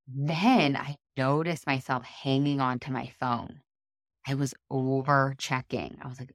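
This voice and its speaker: Low-pitched woman in her 30s, chatty solo podcast host, dry close mic. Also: moderate pace, dry recording. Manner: chatty, animated, often adds "right?". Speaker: podcast host and life coach. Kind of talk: casual solo podcast coaching talk.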